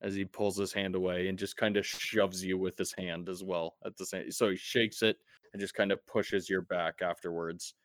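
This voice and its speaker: A man's voice: sits low, level tone, moderate pace, fairly bright tone, no room sound, studio quality. A man narrating as game master of a tabletop game, laid-back and profane, with many fillers.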